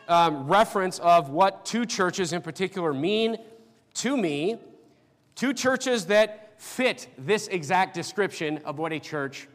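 A middle-aged man from North Dakota preaching a sermon, personal and conversational, often pausing on fillers and restarting his sentences. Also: high voice, a bit bright. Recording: long reverb of a church hall.

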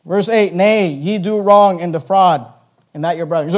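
A man in his thirties preaching a sermon as a pastor, swinging between forceful scripture reading and quiet asides. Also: a little high, expressive, fast talker. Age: 30s.

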